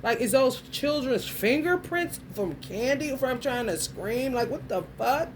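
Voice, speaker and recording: A woman's voice: high-pitched, lively intonation, unhurried, background noise. A woman vlogger delivering a blunt, crude rant full of swearing and street slang. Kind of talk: profane stream-of-consciousness rant.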